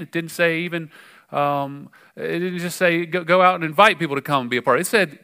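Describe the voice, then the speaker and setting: A pastor preaching in a conversational, animated way, his voice bright and forceful and pitched a little high. He leans on fillers and restarts, then surges up in sudden bursts of emphasis. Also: normal speed. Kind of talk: sermon.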